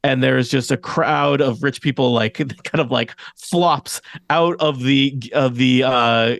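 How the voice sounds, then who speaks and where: Gravelly game master, rambling narration. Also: male voice, mid-range voice, takes it slowly, fairly bright tone. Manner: rambling, many fillers, chuckling.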